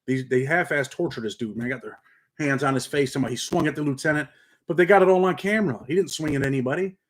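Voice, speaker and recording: A man's voice: mid-range voice, fast talker. Casting: middle-aged upstate New York man, slight country twang, laid-back streetwise livestream host, says "man" a lot. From Rochester, New York. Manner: streetwise slang, peppers speech with "man". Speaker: channel host and paralegal. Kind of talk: casual livestream chat, reading comments.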